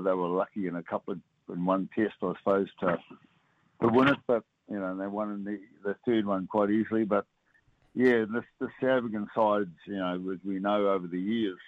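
An older man with a New Zealand accent, a former rugby player talking as a guest on a radio phone-in, halting and full of fillers and restarts. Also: fairly low pitch, no echo. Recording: tinny phone line.

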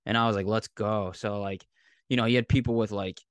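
In a clean studio recording with no room sound, a man with a lowish voice talks fast with fairly even intonation and a Massachusetts accent. He's a South Shore co-host in his thirties, rambling through a long, profane story in casual podcast chat and laughing a lot.

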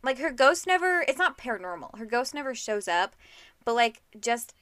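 Young woman chatting books on a podcast, bright voice, dry close mic, lots of like. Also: a little high, very animated, normal speed, dry recording. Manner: chatty, laughs often, lots of "like". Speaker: podcast co-host. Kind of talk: casual book chat.

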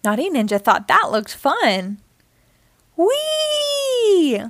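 Animated high-voiced woman reading aloud. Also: measured pace, dry recording. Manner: expressive, animated storytelling. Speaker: storytime host. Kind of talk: children's book read-aloud.

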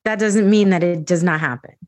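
A woman's voice: on the low side, fairly quick, a little mellow, no room sound. A woman hosting a casual interview, speaking earnestly and conversationally. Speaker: podcast host.

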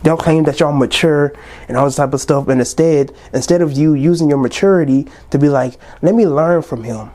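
Young male podcast host in his twenties, preachy ranting tone, slightly high and mellow. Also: fairly even intonation, a little fast. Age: 20s. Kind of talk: casual podcast monologue.

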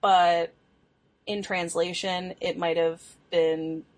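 A young woman co-hosting a podcast, casually telling a true crime case, chatty and quick to laugh. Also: on the low side, creaky. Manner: chatty storytelling, laughs often, swears. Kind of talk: casual chat.

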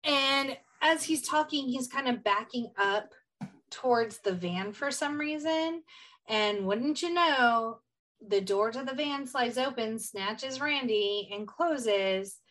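On a podcast, a woman with a fairly high voice casually recaps a horror movie for her co-host. She takes it slowly and animatedly acts out the lines she quotes, doing the voices as she retells it.

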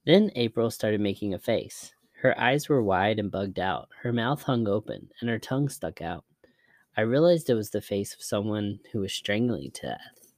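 Guy with a lowish voice telling creepy tales, steady and measured, dry close sound. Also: dry recording. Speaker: narrator. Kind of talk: scary story narration.

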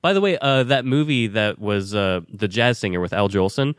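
A man with a low voice chats excitably as a podcast co-host, swearing and stressing his points. His voice sounds dry and close to the mic. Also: moderate pace, clear, resonant tone, no room sound. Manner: excitable, profane, emphatic. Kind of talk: casual film discussion.

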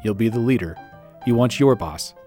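A man's voice: mid-range voice, animated, moderate pace, dark tone, soft background music. A man hosting a podcast, answering listener questions on leadership with an encouraging, reassuring manner. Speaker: podcast host and leadership coach.

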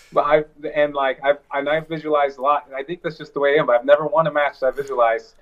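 A man's voice: fairly high pitch, level tone, quick pace, few pauses, a little hiss or hum. A man talking as a wrestler guest in a casual interview, telling stories in a loose, rambling way.

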